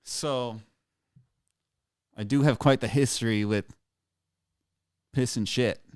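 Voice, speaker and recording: A man's voice: medium pitch, slow pace, darkish tone, smooth, dry recording, clean studio sound. A man in his thirties telling a rambling, crude story on a live stream, casual and self-amused. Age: 30s.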